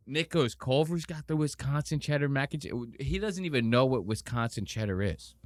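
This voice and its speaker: A man hosting a podcast, casually mocking a clip with animated commentary and exaggerated impressions. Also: fairly high pitch, moderate pace, few pauses, no room sound, studio quality. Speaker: podcast host.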